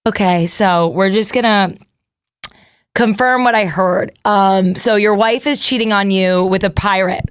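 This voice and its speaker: A woman in her thirties hosts a podcast, rambling and self-deprecating in casual chat. Her mid-range voice is clean and measured, recorded with clean studio sound and no room sound.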